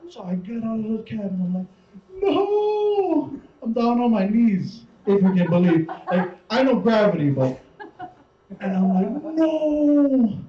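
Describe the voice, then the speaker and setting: A man's voice: high voice, moderate pace. A man doing a stand-up comedy set on stage, rambling and swearing as he acts out other people's lines. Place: comedy show stage before a live audience. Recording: distant, roomy, muffled live-show recording with crowd.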